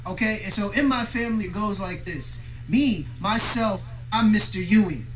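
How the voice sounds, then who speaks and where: A man's voice: high voice, normal speed, fairly bright tone, faint music behind. A man delivering a profane, aggrieved, confrontational monologue straight to the viewer, vlog style. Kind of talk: ranting monologue to camera.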